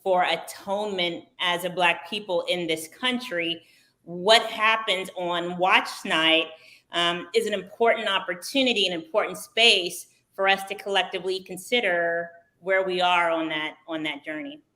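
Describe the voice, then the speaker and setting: A woman guest answering interview questions in an articulate, measured and formal way. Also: lowish voice, fairly even intonation, bright, forceful tone. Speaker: executive director, guest essayist.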